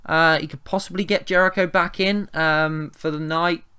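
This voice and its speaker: A man's voice: fairly high pitch, steady tone, moderate pace, sharp tone, smooth. An English man giving a rambling, chatty wrestling review, often restarting his sentences and swearing casually. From England.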